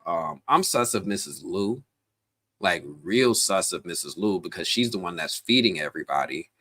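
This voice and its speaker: A man hosting a casual live stream, chatty and animated, talking straight to his viewers with plenty of slang, fillers and restarts. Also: low-pitched, normal speed, slightly rough. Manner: slangy, addresses viewers directly.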